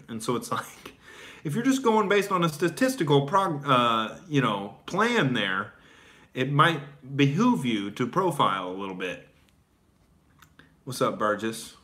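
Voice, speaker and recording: Man, stand-up comedian, casual chat, profane, laughing asides, bright edge. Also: medium pitch, sing-song, unhurried. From Oklahoma. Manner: loose and profane, laughs between thoughts, filler-heavy.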